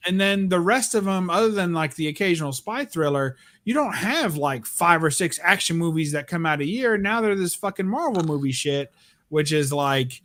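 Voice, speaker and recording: A man's voice: high voice, lively intonation, moderate pace, a bit bright. A man chatting casually on a livestream, blunt and profane as he airs his opinions. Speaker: livestream co-host. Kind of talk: casual chat.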